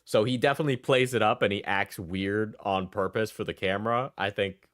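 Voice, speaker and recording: A man's voice: on the low side, fairly even intonation, fairly quick, a bit bright, dry recording, studio quality. A young man streaming clip reactions in casual chat, rambling and laughing often as he trails off mid-sentence.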